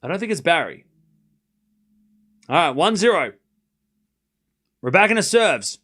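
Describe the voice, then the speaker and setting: A man hosting a live stream, calling tennis play-by-play in a chatty, excitable way, joking about the crowd and talking to his viewers. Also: a little high, measured pace. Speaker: stream host.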